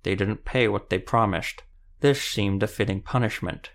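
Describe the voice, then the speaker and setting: Man playing a cold, gruff huntsman villain in an audiobook, low-pitched and surly. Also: normal speed.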